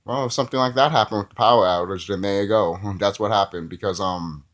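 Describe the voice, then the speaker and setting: A man's voice: fairly low pitch, quick pace. A man giving a casual, rambling movie review who often laughs at his own jokes.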